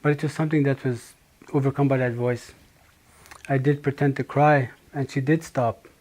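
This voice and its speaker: A middle-aged man from Manitoba tells his own story as testimony. His voice is mellow and dark, at an ordinary pitch. He speaks slowly and reflectively, pausing and restarting often. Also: steady tone. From Manitoba, Canada. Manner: slow, halting, reflective with pauses and restarts. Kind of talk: personal testimony.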